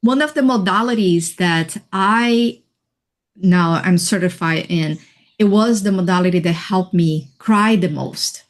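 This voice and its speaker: Slow, reflective woman telling her story. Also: on the low side. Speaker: interview guest, healing coach. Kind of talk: personal storytelling in a radio interview.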